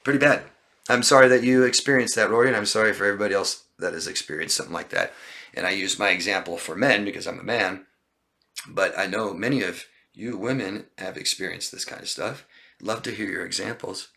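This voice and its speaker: A man coaching on a live stream, reading viewer comments aloud and answering them in an emphatic, list-heavy way. His voice sits fairly low but has a bright, forceful edge, and he often checks in with "okay?". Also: fairly quick, vocal fry. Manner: emphatic, repeats lists of words and asks "okay?". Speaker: relationship coach.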